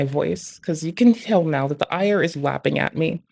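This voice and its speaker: A streamer letting off steam on a live stream, talking in a loose, rambling way packed with swearing. The voice sits at an ordinary middle pitch, and the talk jumps from one gripe to the next. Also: fairly quick, creaky, hardly any pauses, darkish tone. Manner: profane, rambling, heavy swearing; frequent filler "like" and "bruh". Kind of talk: casual venting rant.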